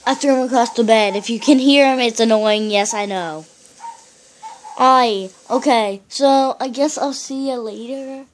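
A woman vlogging at home in a casual way, excitable and giggly, coaxing her pet to come over. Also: on the high side, measured pace, slight background noise. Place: at home, indoors.

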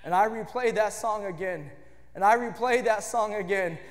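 A man preaching a fervent sermon in a church, rising to shouts on lines of praise. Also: high voice, moderate pace, long reverb tail. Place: church sanctuary.

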